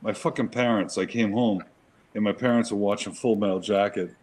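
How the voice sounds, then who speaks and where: Brief: male co-host, ex-Marine, deep-ish voice, swears constantly, rambling chatty storyteller. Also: steady tone, a little fast, darkish tone, a little hiss or hum, poor audio. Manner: profane, emphatic, rambling with restarts. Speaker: show co-host, Marine veteran. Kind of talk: casual chat, storytelling.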